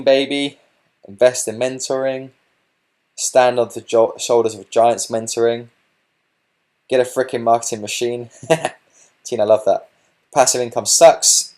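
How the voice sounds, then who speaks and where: A man giving a webinar sales pitch as a business coach, pushing viewers to take action and often saying "okay" and "look". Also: a little mellow. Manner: pushy, repeats "okay" and "look".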